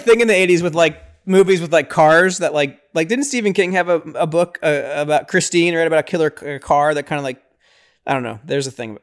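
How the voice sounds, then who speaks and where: A young man hosting a podcast, casually recapping a horror film with lots of fillers and briefly acting out the characters' lines. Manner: excitable, lots of fillers, acts out lines in high voices. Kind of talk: casual movie recap chat.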